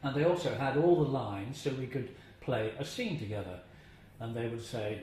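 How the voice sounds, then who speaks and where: A man's voice: medium pitch, moderate pace, hardly any pauses, a little mellow. An older man being interviewed, telling chatty anecdotes about his acting days, chuckling and now and then imitating voices. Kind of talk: anecdotal reminiscing. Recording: very echoey room, faint hiss.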